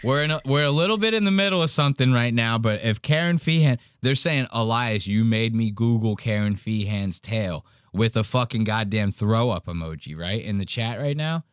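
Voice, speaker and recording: A man hosts a podcast and riffs on a video clip in loose, profane chat, acting out the lines of the people he mocks. His voice sits at a middle pitch and is recorded dry, with no room sound. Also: lively intonation, moderate pace, few pauses, clean tone, no room sound. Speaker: podcast host. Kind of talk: casual reaction commentary.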